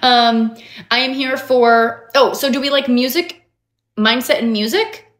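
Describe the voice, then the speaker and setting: A woman hosting a motivational livestream as a mindset coach, animated and emphatic, talking straight to her viewers. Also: on the high side, a little slow. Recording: roomy echo.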